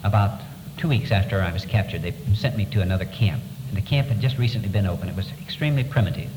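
A man telling a personal story from wartime captivity in an earnest, measured way, pausing as he goes. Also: lowish voice. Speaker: speaker recounting wartime captivity. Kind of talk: storytelling talk. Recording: echoey hall with background noise.

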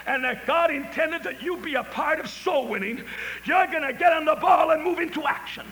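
A very high, bright male voice, preaching with fervor. He rises to ringing shouts and drops to quiet storytelling. The sound rolls through a long hall reverb with a faint hiss behind it. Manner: impassioned, swings from shouts to hushed storytelling. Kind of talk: revival sermon.

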